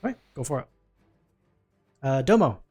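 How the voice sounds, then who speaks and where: Brisk man running a tabletop game. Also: mid-range voice, big pitch swings, darkish tone, breathy edge, faint music behind. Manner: brisk, calls for dice rolls and narrates results. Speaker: game master.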